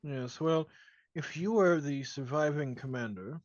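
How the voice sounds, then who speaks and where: A man's voice: fairly high pitch, a little slow, dry recording, close to an everyday voice. A man voicing an aloof, wealthy male noble who questions a commander in a commanding way. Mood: haughty. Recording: dull lo-fi dry sound.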